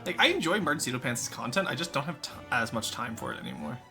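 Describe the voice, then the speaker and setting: A man's voice: medium pitch, huge pitch swings, quick pace, pushed and bright, soft background music. A man streaming live, chatting casually with his chat while building in a game, rambling and swearing freely.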